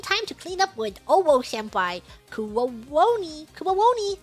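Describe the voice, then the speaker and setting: Woman, high-pitched, very lively, playful streamer chat, faint background music. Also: fairly quick, few pauses. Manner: playful, bursts of high laughter, stumbles over foreign words. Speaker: streamer reading superchats. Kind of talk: casual livestream chat.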